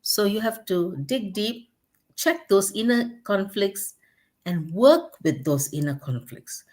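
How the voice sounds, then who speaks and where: A woman's voice: mid-range voice, animated, takes it slowly, a little mellow. Earnest woman speaking in a mid-range voice. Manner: earnest, repeats words for emphasis. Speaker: host. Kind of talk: casual chat.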